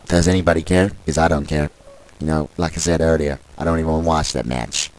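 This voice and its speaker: A man's voice: extremely low pitch, steady tone, fairly quick, a little mellow, a little hiss or hum, rough recording. A man commentating on wrestling in a sarcastic, exasperated and crude way.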